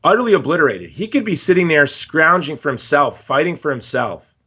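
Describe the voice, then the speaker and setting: A man from Hawaii, a guest in a casual interview, talking in an emphatic, animated storytelling way. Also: on the high side, brisk, slightly rough. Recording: slightly dull lo-fi audio.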